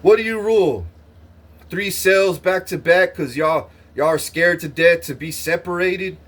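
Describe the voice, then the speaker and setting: A man's voice: sits high, a little slow, fairly bright tone. Swaggering, threatening man ranting. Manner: repeats himself with stuttered restarts. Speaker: vlogger. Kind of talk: angry boastful rant to camera.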